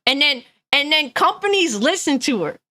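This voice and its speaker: A woman's voice: high voice, very animated, normal speed, sharp tone, no echo. A woman gaming news streamer ranting angrily and bluntly, swearing often and reading chat comments aloud. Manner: angry, profane, blunt.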